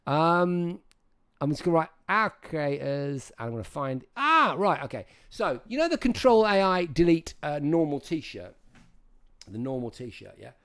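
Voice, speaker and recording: A man hosts a casual livestream and talks straight to his chat. His voice sits a little high and swings widely up and down. He rambles and keeps restarting his sentences. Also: expressive, unhurried, fairly bright tone. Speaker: livestream host.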